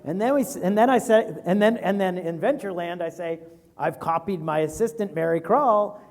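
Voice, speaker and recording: An animated man in his forties talks casually about investing and acts out little quoted exchanges. His voice sits high, and it rings in a big echoey hall. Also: moderate pace. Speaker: venture capitalist guest. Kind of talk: animated fireside chat.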